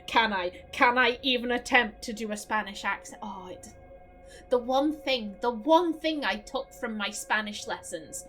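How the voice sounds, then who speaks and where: Fields: Role: let's play streamer. Style: gaming commentary. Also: female voice, on the high side, fairly bright tone, rough recording. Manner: chatty, swears, talks to herself. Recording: voice over game music.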